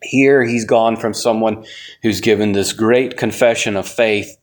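A man's voice: fairly low pitch, fairly even intonation, a little slow. A man teaching a conversational Bible lesson, folksy and asking his class rhetorical questions.

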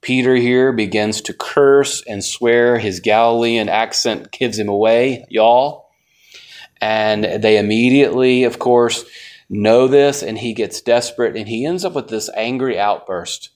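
A man's voice: medium pitch, unhurried, darkish tone. A man teaching a conversational Bible lesson, folksy and asking his class rhetorical questions.

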